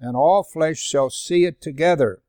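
A man's voice: a little high, a little slow, dark tone, no room sound, studio quality. Older man teaching a Bible study. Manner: reads scripture aloud, conversational asides. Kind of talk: sermon-style Bible study.

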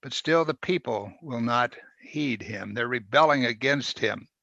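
Bright-voiced man preaching a sermon. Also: medium pitch, unhurried, gravelly, no echo, muffled recording. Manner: expressive, rises and drops in volume for emphasis. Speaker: pastor. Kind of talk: verse-by-verse sermon.

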